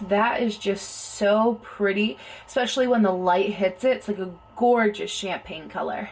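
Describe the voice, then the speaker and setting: A woman's voice: mid-range voice, moderate pace, few pauses, slight background noise. Woman, beauty vlogger, casual rambling chat, lots of filler words, talking at home. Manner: chatty, rambling, heavy on "like" and "um". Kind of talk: casual makeup tutorial chat.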